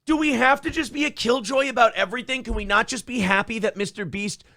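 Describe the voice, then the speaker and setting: A man's voice: very high-pitched, fast talker, creaky, bright, forceful tone. A man co-hosting a talk show, ranting with profane sarcasm and mocking others in exaggerated voices. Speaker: radio show co-host.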